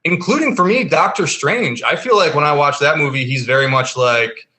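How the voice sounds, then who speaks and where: A man's voice: on the high side, normal speed, bright, forceful tone. A man co-hosting a casual film review podcast, talking emphatically with lots of fillers and restarts. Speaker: podcast co-host.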